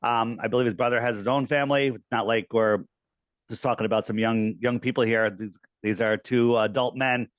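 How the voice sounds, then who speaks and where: A man's voice: mid-range voice, steady tone, a little fast, no echo. A man in a casual online debate, teasing and laughing loosely.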